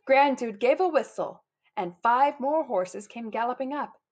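A woman reads a children's storybook aloud, her voice bouncing through a very wide range of pitch. She sits a touch above the usual register and gives every sentence an animated lift. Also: a little slow. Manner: animated, putting on lively character voices for quotes. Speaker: storybook reader. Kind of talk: children's picture book read-aloud.

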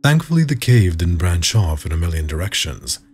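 A man reading a first-person horror story aloud in a measured, suspenseful way. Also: low-pitched, sing-song, a little mellow, slightly rough, soft background music. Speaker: narrator. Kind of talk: scripted horror story narration.

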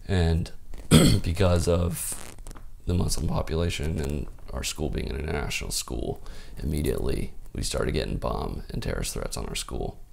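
A man's voice: very deep voice, lively intonation, normal speed, gravelly, a little mellow, slight background noise. A man from the United States, a podcast guest telling stories in a laid-back way, full of "like" and "dude.". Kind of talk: casual storytelling.

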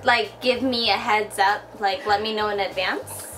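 A young American woman, a guest on a casual vlog, excitable and laughing a lot over background music. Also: medium pitch, normal speed. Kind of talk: casual chat.

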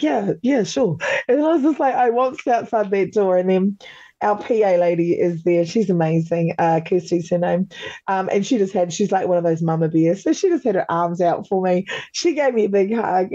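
Animated, laughing Australian woman, muffled audio. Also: mid-range voice, normal speed, no room sound. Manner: animated, swears freely, laughs often, acts out quotes. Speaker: podcast guest, former reality show contestant. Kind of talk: casual interview chat.

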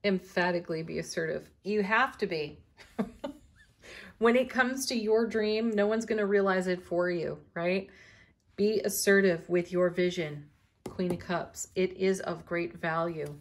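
A middle-aged woman giving a daily tarot reading in a gentle, spiritual way, laughing often. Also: fairly low pitch, fairly even intonation, unhurried. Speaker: tarot reader.

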